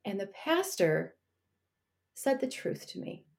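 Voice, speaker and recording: A woman's voice: medium pitch, very animated, slow, vocal fry, a little mellow. A married woman telling her faith story as an interview guest, earnest and reflective, with frequent light laughter between thoughts.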